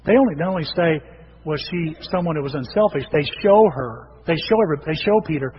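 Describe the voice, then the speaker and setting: High-voiced pastor preaching in a hall. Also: male voice, fast talker, slight background noise. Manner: animated, repeats and restarts words, acts out quoted voices. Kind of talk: sermon. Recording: dull lo-fi sound with long hall reverb.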